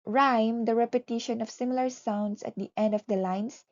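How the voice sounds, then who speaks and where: A woman's voice: fairly high pitch, fairly even intonation, normal speed, dull audio. A woman teacher reciting a poem earnestly, leaning into repeated refrains, then explaining it to her class. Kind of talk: poetry recitation and classroom lesson.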